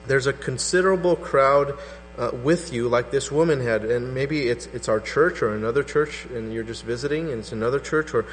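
A man preaching a sermon as pastor, animated and acting out skeptical voices. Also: mid-range voice. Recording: hall reverb with faint mains hum.

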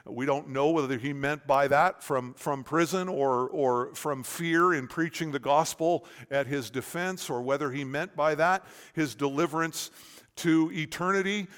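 A man preaching an expository sermon, swinging between forceful stressed words and quiet, searching questions. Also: fairly high pitch. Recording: long reverb of a large hall.

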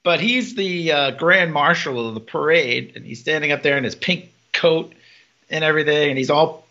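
A man with a bright, gravelly, somewhat high voice chats casually on a podcast, laughing as he recounts scenes. The recording sounds dull and lo-fi. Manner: laughing, retells scenes with quick put-on quotes. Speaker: podcast co-host. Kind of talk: casual episode recap chat.

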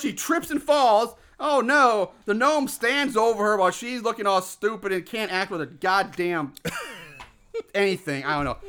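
A man with a very high, bright voice recaps a movie for a podcast. He is profane and sarcastic, laughs often and mocks the characters with quick impressions. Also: smooth. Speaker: podcast co-host reviewing a movie. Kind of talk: casual comedic movie recap.

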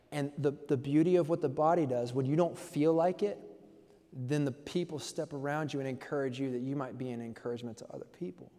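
A man's voice: a little high, darkish tone, long reverb tail. A man pastor preaching a conversational sermon, telling stories in a playful way.

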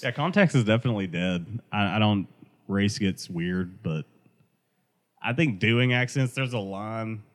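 A man's voice: on the low side, lively intonation, a little slow. A young Southern American man chatting casually on a podcast, laughing often and swearing as he acts out quotes. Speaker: podcast host. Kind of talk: casual chat.

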